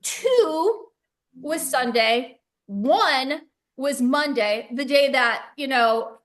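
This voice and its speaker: A woman's voice: sits high, lively intonation, very slow. A woman chatting casually about spiritual topics, talkative and often laughing, over a video call. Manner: chatty, laughs often, acts out quoted voices. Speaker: co-host.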